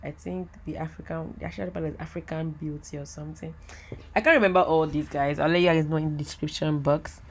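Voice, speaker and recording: A woman giving a chatty, excitable voiceover for a makeup tutorial, talking straight to her viewers. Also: deep voice, quick pace, a little hiss or hum. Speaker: makeup artist. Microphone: voiceover mic.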